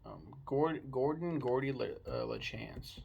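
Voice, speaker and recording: A man's voice: medium pitch, very animated, unhurried, creaky, a little mellow, slightly rough, highs cut off. A man casually chatting about a book he read, rambling and swearing freely. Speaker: book reviewer. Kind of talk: casual book review chat.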